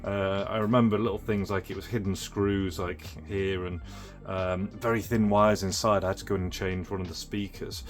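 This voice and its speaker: Low-voiced man demoing retro toys. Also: little pitch movement, moderate pace, soft background music. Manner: rambling, with many fillers and restarts. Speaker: retro toy restorer and channel host. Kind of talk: casual show-and-tell demo.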